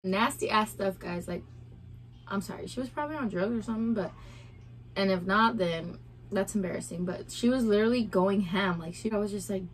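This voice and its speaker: A woman's voice: medium pitch, a little fast, slight background noise. Chatty young woman telling a story. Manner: chatty, lots of "like" and quoted dialogue. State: heavily pregnant. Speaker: vlogger. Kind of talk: casual story time.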